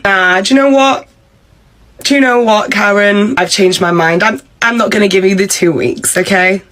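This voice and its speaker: A woman's voice: mid-range voice, normal speed, fairly bright tone, poor audio. A woman performing comedy sketch dialogue, exasperated and sarcastic, swearing freely.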